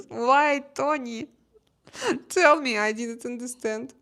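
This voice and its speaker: A young woman with a Russian accent chatting casually on a phone live stream, halting with fillers and restarts, reading chat messages. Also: on the high side, fairly bright tone. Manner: halting, many fillers and restarts, laughs easily. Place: home terrace.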